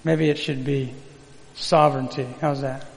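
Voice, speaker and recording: A man's voice: mid-range voice, little pitch movement, a little slow, vocal fry, big-room sound, low-quality recording. A man preaching a sermon in a folksy, conversational way, calling on the congregation to repeat words back. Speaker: pastor.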